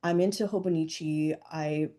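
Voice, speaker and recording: A woman in her thirties chats as a podcast guest in a relaxed, meandering way. Her voice sits a touch low and sounds warm and mellow. She scatters fillers and "like" through her talk. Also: moderate pace. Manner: chatty, lots of fillers and "like". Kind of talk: casual chat.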